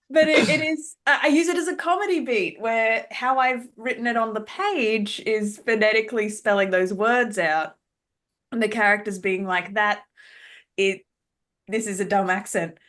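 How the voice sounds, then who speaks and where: A woman's voice: fairly high pitch, unhurried, fairly bright tone. A woman co-hosting a podcast in casual chat, chatty and laughing, often searching for words. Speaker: podcast co-host.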